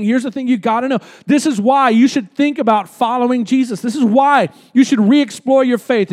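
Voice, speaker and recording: A man's voice: very high voice, darkish tone. A man preaching a sermon as pastor before a congregation, talking conversationally with rhetorical questions and repeating words for emphasis.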